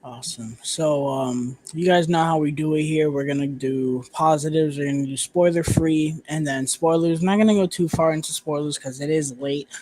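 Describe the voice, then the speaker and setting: A young man hosts a loose movie review chat, his voice sitting high. He talks casually, with plenty of fillers and some swearing. The sound is dry and close. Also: fairly even intonation, moderate pace, few pauses, darkish tone, no echo.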